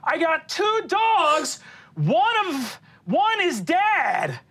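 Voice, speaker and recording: Woman voicing an excitable older man in a tabletop game; high, gushing, tender. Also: extremely slow, over a noisy crowd, exaggerated voice. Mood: proud. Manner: gushing, affectionate.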